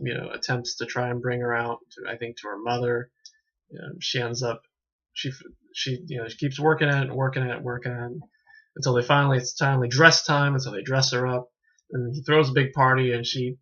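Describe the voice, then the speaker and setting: A man's voice: mid-range voice, pushed and bright. A man casually reviewing a film, rambling and correcting himself as he stumbles over words. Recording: dull lo-fi home recording.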